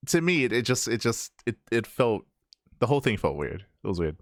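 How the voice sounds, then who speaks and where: A man's voice: on the low side, sing-song, fairly quick, no room sound, studio quality. A man co-hosting a show review podcast, talking in a rambling casual way with many restarts. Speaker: podcast co-host.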